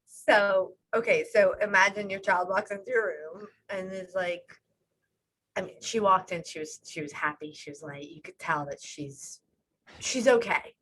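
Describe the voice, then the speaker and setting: A woman's voice: medium pitch, unhurried, fairly bright tone, husky, poor audio. A woman life coach, a podcast guest speaking over a video call, explaining her ideas with metaphors. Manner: explains with metaphors, acts out quoted voices.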